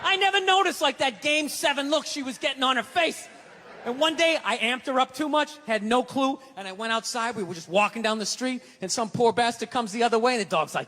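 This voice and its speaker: Profane, ranting stand-up comic, high voice. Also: male voice, expressive, fairly quick, pushed and bright. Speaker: stand-up comedian. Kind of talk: stand-up routine. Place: large live venue. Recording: live hall with audience.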